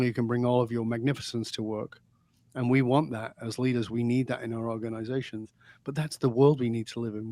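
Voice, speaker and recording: A man's voice: medium pitch, no echo. A man, a guest in an interview, telling stories and making points in an emphatic, preachy way. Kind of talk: interview conversation.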